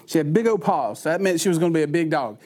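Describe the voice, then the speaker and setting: Brief: male preacher, sermon with homespun stories, high-pitched voice. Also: lively intonation, fast talker, a little mellow. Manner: folksy storytelling, conversational.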